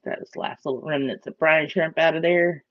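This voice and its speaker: A woman's voice: deep voice, fairly even intonation, moderate pace, dry recording, dull audio. A chatty woman hosts a casual morning live stream and greets her viewers by name. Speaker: aquarium live-stream host.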